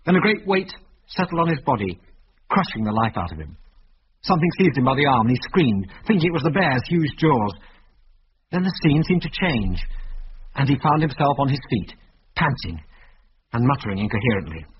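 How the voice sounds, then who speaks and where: A man tells an adventure story in a measured, vivid way. His pitch rises and falls lively. The sound is dull and lo-fi, with a faint hiss like an old radio recording. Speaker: narrator. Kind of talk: dramatic reading of an adventure story.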